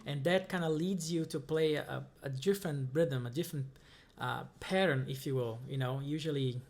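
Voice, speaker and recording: A man's voice: a little high, normal speed. A man who speaks as his gives a casual music lesson, counting beats aloud between guitar examples. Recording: guitar playing heard loudly.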